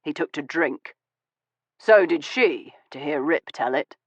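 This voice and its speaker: A man voicing a wounded, weary Victorian gentleman who speaks in a low, measured and bitter way in an audiobook. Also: lively intonation, no room sound. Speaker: audiobook voice of a male character. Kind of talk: audiobook dialogue reading. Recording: dull, dry studio audio.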